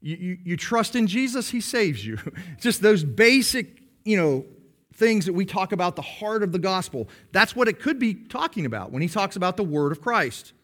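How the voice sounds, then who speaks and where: A man preaching a sermon to his congregation, explaining patiently and slowing down to stress key phrases. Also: sits high, big pitch swings, fairly bright tone. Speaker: pastor.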